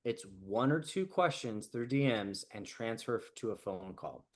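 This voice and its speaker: A man coaching sales setters in an easygoing, conversational way. He leans on "like" and tag questions, and brightens when he acts out what other people said. His pitch sits in the ordinary middle for a man. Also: moderate pace. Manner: casual, lots of "like" and "right?", animated quoted asides. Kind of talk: casual group coaching call.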